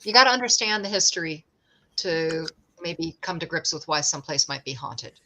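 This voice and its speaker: A middle-aged woman with a low, animated, sharp-toned voice, heard over slight background noise, chats as a guest. She runs a ghost tour and tells stories in a joking, conversational manner.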